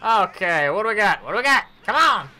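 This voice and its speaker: A woman giving casual commentary on her mobile game summons, animated and cursing at bad pulls. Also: medium pitch, brisk. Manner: animated, groaning, swears.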